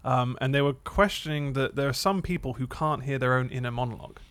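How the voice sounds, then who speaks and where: A man's voice: medium pitch, fast talker, fairly bright tone, no echo. A man co-hosting a podcast, rambling in casual chat and trailing off mid-sentence. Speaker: podcast co-host.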